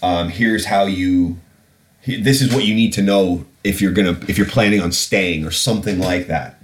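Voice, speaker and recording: A man's voice: deep voice, moderate pace, a little hiss or hum. A British man hosting a podcast, ranting bluntly and profanely about politics. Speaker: podcast host. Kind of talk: casual ranting commentary.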